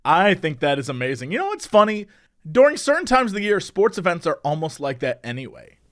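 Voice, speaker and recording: A man's voice: sits high, very animated, brisk. A man co-hosting a podcast in casual chat, making wry, sarcastic asides. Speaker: podcast co-host.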